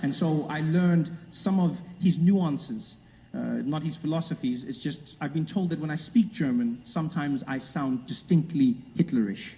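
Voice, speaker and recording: Brief: male stand-up, fairly high voice, roomy venue with crowd noise. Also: normal speed. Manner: animated storytelling, slips into voices. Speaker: stand-up comedian. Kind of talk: stand-up routine. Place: large comedy venue. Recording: echoey hall, live audience.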